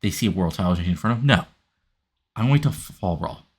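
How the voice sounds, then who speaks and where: Man reading an arrogant male wrestler heel, low voice, taunting. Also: expressive, fairly quick, breathy edge, exaggerated voice.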